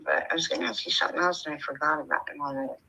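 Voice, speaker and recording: Bright-voiced older woman, chatty and laughing. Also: sits low, fairly even intonation, rapid-fire, creaky, rough recording. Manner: chatty, laughs often, tells stories with quoted voices. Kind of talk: casual chat.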